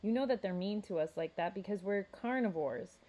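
A woman's voice: medium pitch, lively intonation, moderate pace, dark tone, lightly acted. A woman reading aloud as Joshua, a frustrated teenage boy who speaks bluntly and heatedly. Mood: angry. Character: angry frustrated teen boy carnivore student.

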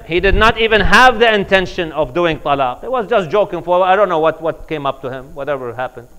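A man's voice: a little high, a bit bright, low-quality recording. A man, an imam, giving a conversational sermon and telling stories. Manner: conversational, acts out dialogue. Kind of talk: sermon with storytelling.

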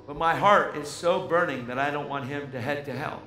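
Fervent preacher in an echoey hall. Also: male voice, on the high side, brisk, pushed and bright, soft background music. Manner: fervent, emphatic, storytelling. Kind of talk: sermon.

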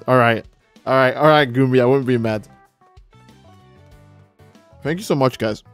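A young man live-streaming a game, chatting casually and reading out donations, laid-back and profane, his voice jumping high when he gets excited. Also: measured pace, pauses often, no room sound, soft background music.

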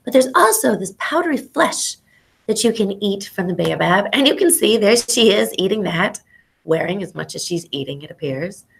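A middle-aged woman, an ethnobotanist, telling lively stories to students in an animated educational talk over a video call. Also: mid-range voice, moderate pace, vocal fry, husky. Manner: animated storyteller, exclamations and acted-out quotes; casual, says y'all.

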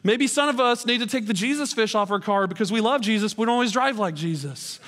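A man's voice: high voice, lively intonation, quick pace, fairly bright tone. A man, a pastor in his thirties, giving a sermon in a church auditorium and telling stories with self-deprecating humor. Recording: long hall reverb.

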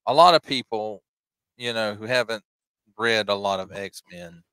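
A man co-hosting a podcast, joking and chiming in with quick agreement. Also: on the low side, sharp tone, clean tone, no room sound, rough recording. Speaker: podcast co-host. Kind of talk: casual chat.

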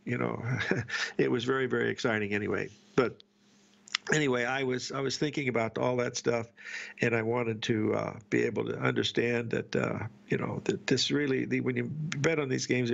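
A man's voice: medium pitch, vocal fry, a bit bright, dull audio. An older man hosting a trading show, chatting casually and rambling, repeating words and calling his listeners folks. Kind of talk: casual market commentary and storytelling.

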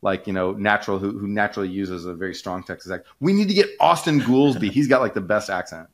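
A man with a lowish voice talks through economic ideas like a relaxed podcast host. He rambles, restarts his sentences and stacks up fillers, picking up speed when an idea grabs him. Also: fast talker. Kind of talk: casual conversational explaining.

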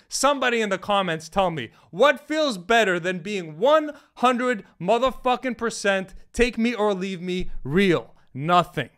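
A man's voice: high-pitched, a bit bright. A man talking as a dating coach in a brash, emphatic and profane advice monologue.

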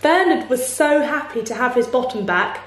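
A woman teacher reading a children's storybook aloud in a playful way, pausing to ask her listeners questions. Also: on the high side, lively intonation. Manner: slow, warm, playful, asks listeners questions. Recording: echoey room.

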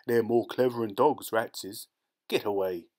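A man's voice: on the low side, fairly even intonation, moderate pace, darkish tone, lightly acted. A man putting on a sly scornful ratcatcher. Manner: rough working-class grammar, secretive and boastful.

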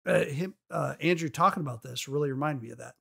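A man's voice: on the high side, quick pace, creaky, pushed and bright. A man co-hosting a casual gaming podcast, teasing dryly and musing aloud. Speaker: podcast co-host. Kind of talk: casual chat.

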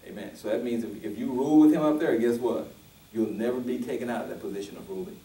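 A man's voice: mid-range voice, fast talker, mellow, reverberant, recorded from a distance, rough recording. A male pastor preaching a sermon, restarting often and building to emphatic, rising peaks.

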